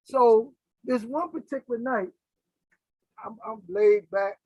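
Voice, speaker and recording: A middle-aged man from Philadelphia spins stories in a casual interview, lively and playing out every voice he quotes. His voice is husky and the room sounds dry and close, with no echo around him. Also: very high-pitched, takes it slowly. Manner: animated, acts out quoted voices, keeps checking in with "right?". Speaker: interview guest. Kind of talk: casual storytelling.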